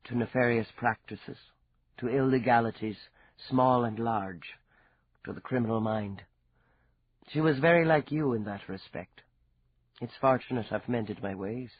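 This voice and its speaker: Man voicing a low-spoken Irish charmer, wry and amused, soft voice, muffled audiobook sound. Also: measured pace, slightly rough. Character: cool, wry wealthy Irish man, lover.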